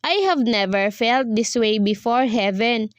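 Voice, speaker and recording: A woman reading the lines of a tender young man in love, slow and earnest, in a story reading. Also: on the high side, animated, dry recording, studio quality.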